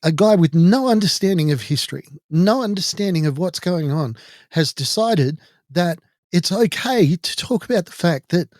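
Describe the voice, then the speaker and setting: Irish male podcast host, somewhat high voice, dry close sound, indignant storyteller. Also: lively intonation, moderate pace, darkish tone, dry recording. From Ireland. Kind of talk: personal monologue.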